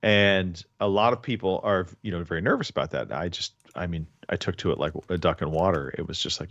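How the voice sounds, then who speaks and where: A man's voice: lowish voice, expressive, brisk, no room sound, lo-fi sound. A man hosting a casual podcast chat, talking in long rambling stretches with many restarts. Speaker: podcast host.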